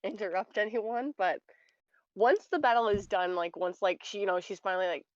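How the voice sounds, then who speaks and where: A woman's voice: medium pitch, a little fast, no room sound, dull audio. A woman player narrating her character's actions in a tabletop game, hesitant and full of fillers.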